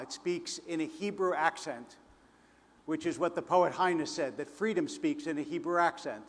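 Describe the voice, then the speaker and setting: Male panel speaker, fairly high voice, measured anecdotal delivery, long hall reverb. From Philadelphia, United States. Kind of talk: public address at a conference.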